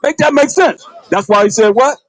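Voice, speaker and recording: A man preaches in a loose, conversational manner, circling back to the same points and firing off rhetorical questions. His voice sits fairly high and has a husky edge. The recording is dry and close. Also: moderate pace, fairly bright tone, dry recording, rough recording. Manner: colloquial, calls on a reader to read. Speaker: priest. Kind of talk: livestreamed sermon.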